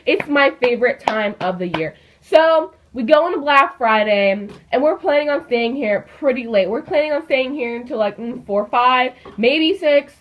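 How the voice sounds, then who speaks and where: A teenage girl vlogger telling a story in a chatty, animated way, peppered with fillers. Her voice sits a bit high. The recording is dull and lo-fi. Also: normal speed, hardly any pauses. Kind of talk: casual storytime.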